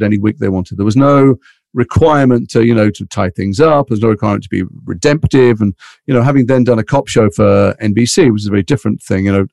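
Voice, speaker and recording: Chatting casually as an interview guest, an English actor from Liverpool delivers quick, rambling, animated stories in a gravelly, medium-pitched voice. The accent is mixed British, lightly marked by Liverpool and London. The recording is dry, with clean studio sound.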